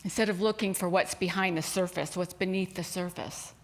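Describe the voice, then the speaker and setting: A woman's voice: fairly low pitch, steady tone, a little fast. A woman minister giving a Sunday sermon in a spiritual center, talking conversationally with asides and a joke.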